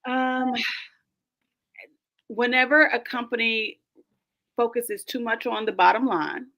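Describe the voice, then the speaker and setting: Bright-voiced, emphatic woman coach. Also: a little high, takes it slowly. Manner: emphatic and animated, laughing often. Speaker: guest, coach. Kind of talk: roundtable conversation.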